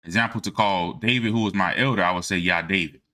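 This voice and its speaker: Forceful low-voiced man lecturing casually. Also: fast. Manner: informal and emphatic, keeps checking "all right?". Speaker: religious history presenter. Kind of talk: casual lecture from on-screen notes.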